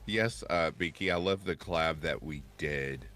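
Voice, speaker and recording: A man hosting a casual livestream chat, animated, laughing often and reading out chat comments. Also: rumbling low, moderate pace. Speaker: stream host.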